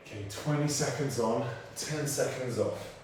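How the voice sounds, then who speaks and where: A man's voice: mid-range voice, a little slow, distant mic. Breathless man coaching a workout. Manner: energetic, encouraging cueing with countdowns. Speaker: fitness instructor. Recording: very echoey room, off-mic, faint noise.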